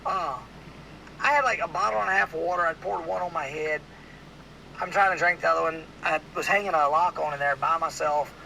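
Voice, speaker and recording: High-voiced bright storyteller. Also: male voice, vocal fry, a little hiss or hum, rough recording. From Louisiana. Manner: rambling, animated storyteller with many "like"s. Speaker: podcast host. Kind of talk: casual storytelling chat.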